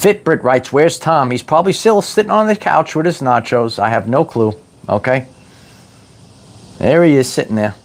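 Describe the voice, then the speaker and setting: Animated man on a motivational livestream. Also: mid-range voice, moderate pace. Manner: animated, repetitive, playful, drawls words like "baby". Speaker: host of a spiritual wellness livestream. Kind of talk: motivational livestream talk to chat.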